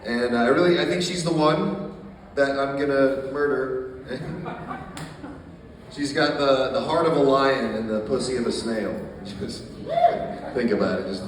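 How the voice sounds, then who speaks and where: A man doing a stand-up set in a small coffee shop, telling dark jokes in a deadpan way with plenty of swearing. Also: medium pitch, measured pace, long pauses, very echoey, long reverb tail, far from the mic, slight background noise. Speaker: stand-up comedian.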